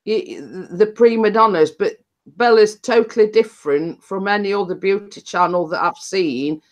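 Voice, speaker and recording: A woman's voice: mid-range voice, moderate pace, muffled recording. A woman being interviewed in a casual chat, speaking plainly and often asking "you know what I mean". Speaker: interview guest.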